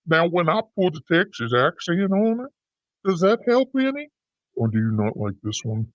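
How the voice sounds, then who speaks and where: A man's voice: on the high side, sing-song, normal speed, dry recording. Playful man on a dull lo-fi mic. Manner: jokey, does silly voices. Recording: dull lo-fi sound.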